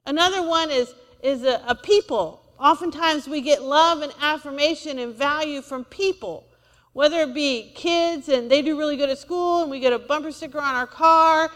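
A woman's voice: high-pitched, moderate pace, a bit bright, long reverb tail. A woman preacher, delivering a sermon in a church and asking the congregation for amens. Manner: call-and-response preaching, asks for amens.

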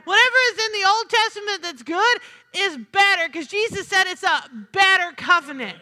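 A woman preaching with a very high, piercing voice that rings out through a long hall reverb. She is emphatic, repeats her lines for effect and keeps asking the congregation for an "Amen?". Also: moderate pace, pushed and bright. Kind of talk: sermon.

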